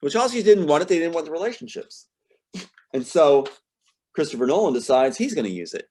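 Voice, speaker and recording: A man with a fairly high, brisk voice, dark in tone and full of big pitch swings, is interviewed about his screenplay. He reads some scenes aloud from the script and gets emotional, speaking with passion and rising sharply in pitch when indignant.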